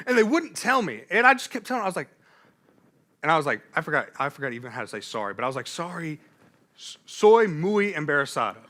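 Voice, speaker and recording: A young man preaching a sermon in a church, telling a funny personal story with animated delivery and laughing at himself. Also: fairly high pitch, rapid-fire.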